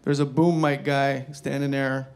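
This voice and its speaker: A man doing stand-up comedy, telling a story in a profane, animated, self-mocking way. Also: mid-range voice, a little slow.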